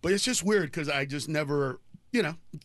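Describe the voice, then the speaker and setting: A middle-aged man, a comedian guest, telling candid stories on a podcast with animated energy that rises into loud laughing shouts. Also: a little high, brisk, no room sound, clean studio sound.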